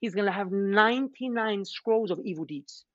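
A man telling religious stories in an animated, slangy way, repeating words as he goes. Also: high-pitched, normal speed, no echo. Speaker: Islamic preacher. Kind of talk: storytelling religious talk. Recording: dull, lo-fi sound.

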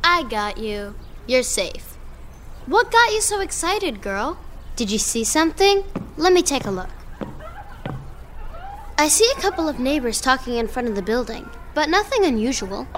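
A woman's voice: high voice, very animated, moderate pace, long pauses, fairly bright tone, slight background noise. Opal Watson, a young girl sleuth. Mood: curious. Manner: inquisitive, talks to her cat. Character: curious young girl private eye. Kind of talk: audio drama narration.

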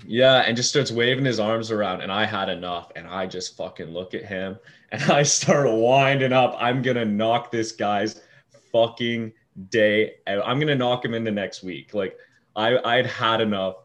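Deep-voiced young man telling a story. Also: normal speed. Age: young adult. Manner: animated storyteller, swears freely, acts out quoted lines. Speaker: fast-food shift manager. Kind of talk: casual storytelling.

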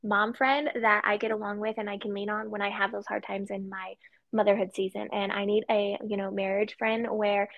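A woman, a military spouse, chatting casually on a podcast in a lively way, laughing often and acting out what people say. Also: medium pitch, normal speed, no echo, phone-quality sound. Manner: lively, acts out quoted voices, laughs often.

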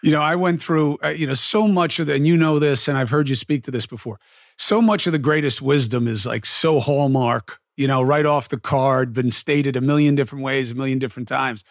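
A man's voice: medium pitch, fairly even intonation, fairly quick, dry recording, studio quality. A man hosting an interview, asking questions and telling stories in a chatty way full of fillers. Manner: chatty storyteller, lots of fillers. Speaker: interviewer host. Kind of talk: casual interview chat.

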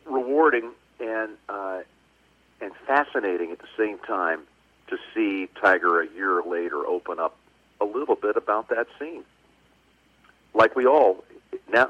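A man's voice: sits low, husky. A man, a sportscaster guest, reflecting at length on a radio show, speaking over a phone line. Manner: warm reflective storytelling with frequent pauses. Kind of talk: casual radio interview. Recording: tinny phone line with music.

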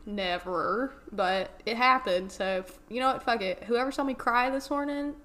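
A woman's voice: fairly high pitch, normal speed, a bit bright. A young woman in her twenties, a law student co-hosting a podcast, telling a story in casual chat with frequent laughter and swearing.

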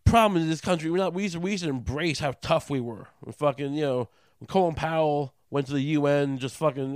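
A man on a sarcastic, profane comedic rant, his voice jumping high when he gets indignant. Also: fairly quick, smooth, dry recording.

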